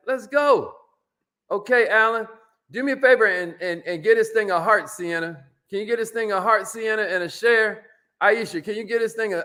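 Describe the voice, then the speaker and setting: A man hosting a motivational live stream, energetic, calling out viewers by name and saying y'all. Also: sits high.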